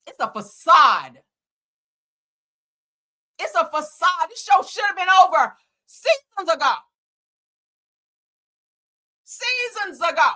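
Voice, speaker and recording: A woman's voice: extremely high pitch, animated, normal speed, fairly bright tone. A woman hosting her own channel, giving a blunt, profane and heated rant about a reality TV show, full of sarcasm and repeated lines. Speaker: host. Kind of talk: ranting reality TV commentary.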